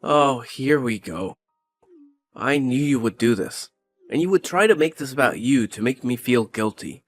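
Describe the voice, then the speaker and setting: A man playing a cold, dismissive young husband who talks with scorn and is quick to blame, over faint background music. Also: medium pitch, lively intonation. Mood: irritated.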